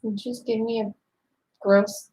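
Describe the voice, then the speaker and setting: A woman playing a tabletop game, talking casually and quietly. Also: on the high side, level tone, slow, low-quality recording. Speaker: player. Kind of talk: casual chat.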